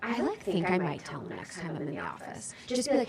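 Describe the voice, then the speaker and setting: A woman's voice: lowish voice, big pitch swings, a little fast, gravelly, few pauses, far from the mic, over a noisy crowd. A young woman co-hosting a podcast, telling stories in a chatty, laughing, slangy way. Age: young adult. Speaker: podcast co-host. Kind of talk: casual chat.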